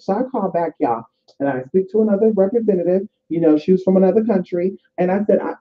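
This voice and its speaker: A woman's voice: medium pitch, animated, fast talker. A woman vlogging casually about spiritual practice, chatty and profane, calling her viewers y'all. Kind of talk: casual spiritual advice and storytelling. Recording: tinny phone-like sound.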